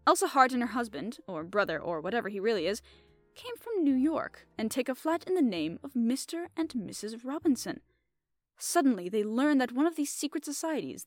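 A woman reading aloud, voicing a fussy, polite middle-aged male detective who speaks with courteous, soft reproof. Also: fairly high pitch, no room sound.

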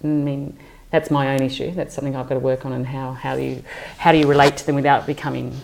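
Low-voiced chatty Australian woman. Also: little pitch movement, fast, vocal fry, darkish tone, slight background noise. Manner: chatty and self-deprecating, many fillers and restarts. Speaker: guest. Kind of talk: casual interview chat.

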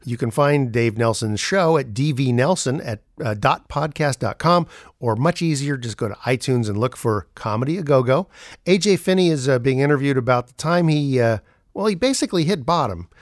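A man's voice: medium pitch, dry recording, clean studio sound. A man giving a casual, hesitant intro to a comedy interview. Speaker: show announcer. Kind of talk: intro announcement.

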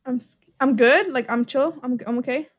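High-voiced playful woman podcast host. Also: normal speed, no room sound, studio quality. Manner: playful, giggly, jokes then says she is kidding. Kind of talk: casual chat, slang guessing game.

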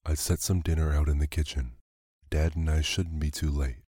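A man's voice: very deep voice, fairly even intonation, moderate pace, mellow, no room sound, clean studio sound. A man doing a scolding mother.

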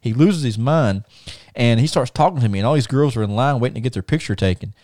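Man telling a lively story. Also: medium pitch, quick pace, no room sound, clean studio sound. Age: middle-aged. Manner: animated storyteller, acts out quoted voices, stammers on restarts. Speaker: podcast host. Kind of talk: casual storytelling chat.

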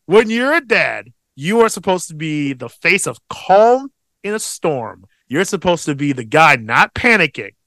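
Unhurried and on the high side, this man's voice comes through on a dry recording. He's a podcast co-host in his thirties, casually spinning an animated family tale and cursing freely throughout the conversation.

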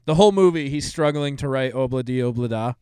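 A man's voice: mid-range voice, fast, mellow, clear, resonant tone, no echo, studio quality. A young man co-hosting a podcast, chatting casually and swearing freely as he retells movie plots with plenty of fillers. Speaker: podcast co-host.

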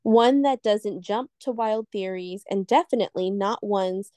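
A woman's voice: mid-range voice, mellow, no room sound. Woman co-host, casual, digresses while telling scary tales; dry, close recording. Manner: rambling, loses her train of thought, quick asides. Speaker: podcast co-host, storyteller.

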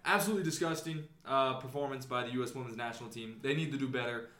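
A man's voice: medium pitch, quick pace, sharp tone. A man co-hosting a casual sports podcast, making dry joking asides. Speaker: podcast co-host. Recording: echoey room.

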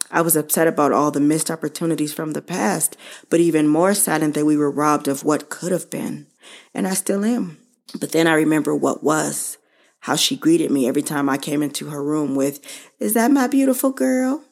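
A woman hosting her own show, speaking slowly and earnestly to listeners about losing her mother and how to grieve. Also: low voice, steady tone, darkish tone. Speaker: podcast host. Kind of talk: personal reflective monologue.

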